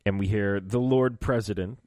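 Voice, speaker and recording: A man's voice: on the low side, steady tone, normal speed, a little mellow, dry recording, clean studio sound. A man co-hosting a podcast, chatting casually and animatedly, often laughing as he recaps a story. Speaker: podcast co-host. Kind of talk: casual chat recapping an audio drama.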